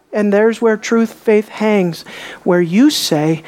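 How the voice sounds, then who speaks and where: Woman preaching, kinda high voice, gets loud then drops way down quiet, keeps asking the room questions. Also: lively intonation, a little slow. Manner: emphatic, asks the congregation questions, swings between loud and hushed. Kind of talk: sermon.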